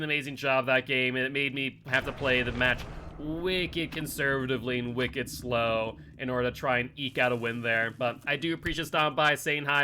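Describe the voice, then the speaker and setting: A man with a mid-range, sharp-toned voice streams a horror game live, with a little hiss or hum in the recording. He chats casually with viewers, reads chat aloud, and comments on his play in a playful, teasing way.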